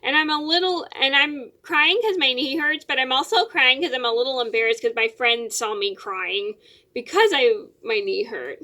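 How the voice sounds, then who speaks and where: A woman's voice: high voice, normal speed, pushed and bright. A young adult woman vlogger telling a personal story in a casual, rambling way, with lots of fillers and repeated words.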